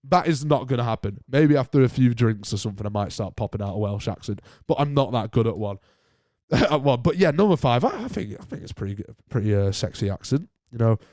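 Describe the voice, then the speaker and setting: A man's voice: lowish voice, warm tone, no room sound, clean studio sound. A young man hosting a solo podcast, rambling and joking at his own expense. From north of England. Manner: rambling, self-mocking, often laughing. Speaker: podcast host.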